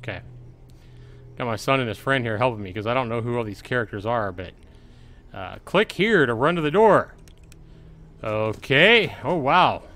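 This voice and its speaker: Speaking at normal speed with long pauses, a middle-aged man delivers animated, chatty let's-play commentary from home, his mid-range voice bright and forceful. As a gaming channel host, he reads the game's on-screen text aloud.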